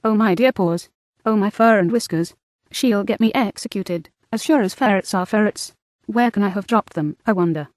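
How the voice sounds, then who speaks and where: A woman's voice: medium pitch, moderate pace, hardly any pauses, a little mellow, no room sound, natural voice. A fretful, fussing white rabbit, read by a woman. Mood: fretting. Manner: anxious muttering, bossy to servants.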